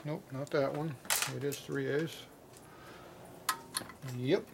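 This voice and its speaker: Working in a repair shop amid clanking tools, a motorcycle mechanic mutters to himself and gives blunt, casual commentary. His voice is fairly high and creaky, with fairly even intonation, and he takes things slowly.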